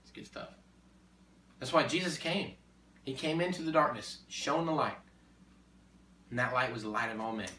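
A man preaching in a conversation, emphatic and repetitive, building to forceful exhortation. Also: medium pitch, normal speed, pauses often, slight background noise. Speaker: Christian speaker. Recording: echoey room, distant mic.

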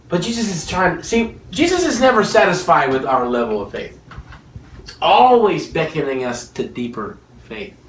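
An animated preacher delivers a sermon with a lively, swooping pitch, acting out dialogue and laughing along the way. The voice rings through an echoey room and is picked up from some distance off the mic. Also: moderate pace, a little hiss or hum. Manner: animated, acts out quoted dialogue, laughs often. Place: room with listeners.

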